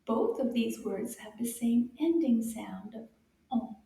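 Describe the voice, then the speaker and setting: A woman teaching French to young children, coaxing them to repeat words and saying each word loudly and cheerfully. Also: on the high side, animated, a little slow, vocal fry, echoey room. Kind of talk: children's language lesson.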